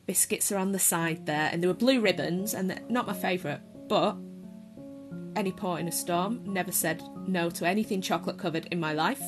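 A woman's voice: fairly low pitch, a little fast, music in the background. Chatty woman telling a story. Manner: chatty, self-deprecating, laughs at her own story. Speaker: guest storyteller. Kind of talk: casual spoken anecdote.

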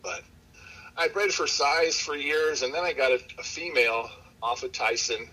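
Husky, bright-voiced man telling dog stories. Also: fairly high pitch, normal speed, low-quality recording. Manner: rambling, relaxed, many fillers and restarts. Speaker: dog breeder, interview guest. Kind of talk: casual storytelling in an interview.

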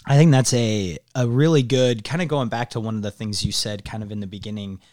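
A man's voice: lowish voice, fairly quick, darkish tone, dry recording. Man hosting, encouraging, with a close, dry sound. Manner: affirming, encouraging, asks reflective questions. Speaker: podcast host. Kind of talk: interview conversation.

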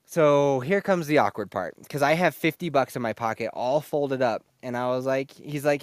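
A man's voice: mid-range voice, normal speed, hardly any pauses, clear, resonant tone, no room sound, clean studio sound. A man telling a story in casual, profane chat, laughing as he goes. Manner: profane, laughing, animated retelling.

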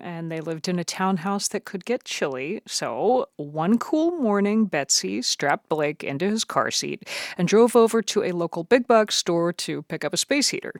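A woman radio host reading a scripted segment introduction in a measured, even delivery. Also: lowish voice, no room sound, studio quality. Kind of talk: scripted broadcast narration.

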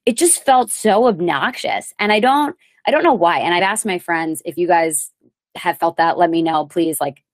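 A thirty-year-old woman and comedian hosting her podcast, chatting casually with a rambling, self-mocking manner and sudden animated bursts. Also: lowish voice. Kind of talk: casual solo chat. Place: lives in New York.

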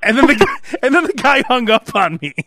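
A man hosting a podcast, chatting casually and telling animated stories in which he acts out phone calls and sometimes bursts into shouting. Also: extremely high pitch, brisk, no echo. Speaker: podcast host. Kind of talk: casual chat.

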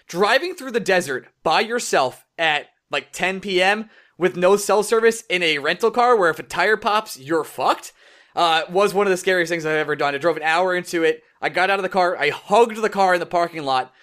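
A young man co-hosting a casual podcast, telling a story with animated quoted voices. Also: high voice, normal speed. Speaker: podcast co-host. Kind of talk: casual chat.

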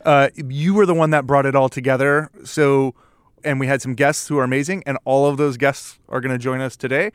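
A man's voice: mid-range voice, steady tone, fairly quick, smooth, dry recording. A man hosting a podcast, bantering in a dry, sarcastic way as he introduces his guests. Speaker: podcast host. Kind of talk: casual podcast chat.

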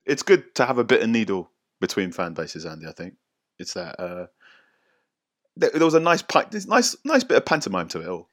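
A man's voice: on the low side, big pitch swings, a little fast, fairly bright tone. A man guesting on a football podcast, a writer telling rambling anecdotes with lots of hesitant fillers and frequent laughter. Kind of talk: casual storytelling.

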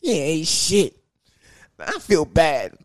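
A young man talks loosely on his podcast, with a voice that moves a lot in pitch and sits fairly high for a man. His delivery is crude and comedic, and he keeps jumping into high sing-song bits. The sound is close and dry, with no room around it. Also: very animated, slow, no room sound. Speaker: podcast host. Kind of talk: casual comedic podcast monologue.

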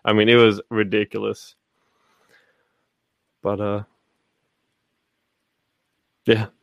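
A man's voice: fairly low pitch, level tone, slow, vocal fry, dry recording, highs cut off. A man hosting a casual podcast chat, rambling with lots of fillers and swearing. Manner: rambling, profane, full of fillers. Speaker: podcast host.

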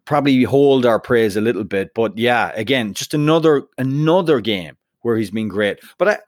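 A man with a mid-range voice co-hosts a football podcast, chatting casually in loose bursts with lots of restarts and fillers. The recording is dry and studio quality.

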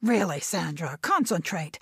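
A woman's voice: fairly low pitch, sing-song, a little slow, gravelly, breathy edge, no room sound, clean studio sound, exaggerated voice. A woman voicing an irritable, domineering grandfather in his nineties, lecturing sharply and impatiently.

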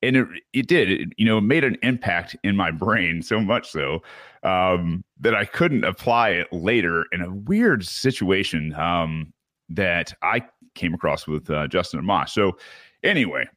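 Podcast host, male, from Michigan: deep voice, dry close sound, loose rambling recap. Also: expressive, unhurried, a bit bright, no echo. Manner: candid, rambling storytelling. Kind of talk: casual solo recap.

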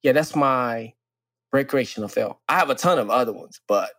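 Male podcast co-host, animated and candid, laughs easily, jumps up in pitch when quoting, close dry mic, mid-range voice. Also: moderate pace, dry recording. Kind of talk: candid casual conversation.

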